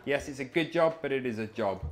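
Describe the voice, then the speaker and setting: A man from Wales, medium-pitched and fairly quick with lively intonation, reads out questions at a live football quiz in a coffee shop. His hosting is chatty and full of jokes, and a crowd of quiz players can be heard behind him.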